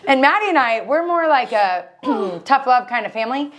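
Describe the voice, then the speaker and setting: A woman in her thirties co-hosting a podcast, chatting casually and teasing her friend, quick to laugh. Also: high voice, very animated, fairly bright tone, a little hiss or hum. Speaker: podcast co-host. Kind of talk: casual chat.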